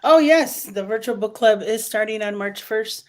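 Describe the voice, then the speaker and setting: A woman's voice: a little high, normal speed. A woman co-hosting a casual live stream, friendly and playful, who laughs often. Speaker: co-host.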